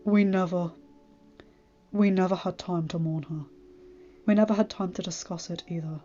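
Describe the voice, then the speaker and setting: A woman reading as a grieving grown lord in an audiobook, soft and subdued, close to a whisper at times. The sound is dull and lo-fi. Faint music plays underneath. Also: lowish voice, steady tone, moderate pace, pitched below the performer's own voice, natural voice. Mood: tender grief. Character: grieving lord, grown man, quiet and earnest.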